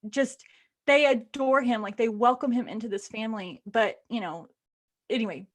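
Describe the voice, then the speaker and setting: Gushing, animated woman, somewhat high. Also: normal speed. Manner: animated and gushing, lots of fillers. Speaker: podcast co-host. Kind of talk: casual chat, retelling a book plot.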